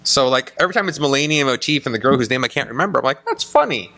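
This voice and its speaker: Animated rambling podcast man. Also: mid-range voice, racing. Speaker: podcast co-host. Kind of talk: casual chat.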